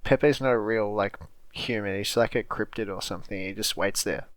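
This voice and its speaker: A man's voice: fairly low pitch, moderate pace, dry recording. A man co-hosting a podcast, chatting casually about a film, blunt and joking, swearing freely. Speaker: podcast co-host. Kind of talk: casual movie review chat.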